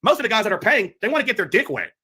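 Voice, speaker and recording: A man streaming a crude, mocking rant with sudden shouting bursts. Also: high voice, sing-song, rapid-fire, slightly rough. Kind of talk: ranting livestream commentary.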